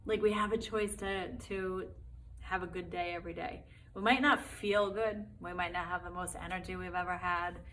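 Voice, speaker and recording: A woman's voice: on the low side, steady tone, normal speed, fairly bright tone, a little hiss or hum. A woman teaching a self-love course in a casual, encouraging way, full of fillers and asides. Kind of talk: spoken course lesson.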